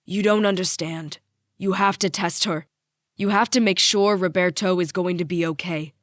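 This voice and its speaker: A woman's voice: fairly low pitch, steady tone, normal speed, dry recording, studio quality, natural voice. A woman reading the part of a guilt-ridden father who speaks apologetically, his voice breaking. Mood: desperate.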